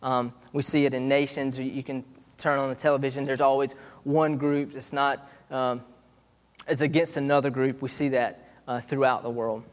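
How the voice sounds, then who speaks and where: A man's voice: mid-range voice, flat delivery. A man in his thirties preaching a sermon in a chatty way, stopping and restarting often. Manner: conversational, halting with many restarts. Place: church hall. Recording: long hall reverb.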